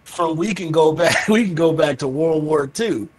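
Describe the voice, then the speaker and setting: A man with a slightly raised voice co-hosts a casual podcast chat. He talks in a measured, reflective way, often restarting a thought before finishing it. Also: on the high side, crowd noise, low-quality recording.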